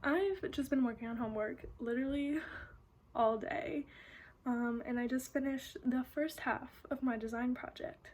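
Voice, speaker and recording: A young woman studying art describes her week in a casual vlog, her high-pitched voice a little mellow and at normal speed. The storytelling is chatty and stuffed with filler words like "like."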